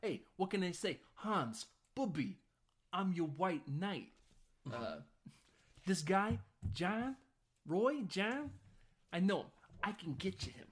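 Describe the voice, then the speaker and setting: A man putting on a sleazy, cocky businessman who talks like a pushy salesman. The voice sits well above his normal pitch and wheedles and flatters. It sounds like an impression tossed off while recapping a movie. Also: slow, long pauses, breathy edge, full character voice. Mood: smarmy. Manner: smarmy, wheedling salesman patter.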